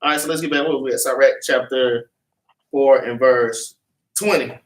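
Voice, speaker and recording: A man preaches fervently in repetitive street talk as he teaches a Bible class, having scripture read back to him before a meeting-room congregation. His medium-pitched voice keeps fairly even intonation at a moderate pace. A far-off mic picks up the room's echo.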